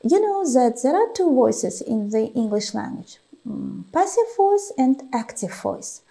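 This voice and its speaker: Slow, deliberate woman teaching English. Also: sits high, big pitch swings, gravelly, mellow. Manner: slow, deliberate, stretches example words, frequent "uh" pauses. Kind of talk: classroom lesson, dictating vocabulary and explaining grammar.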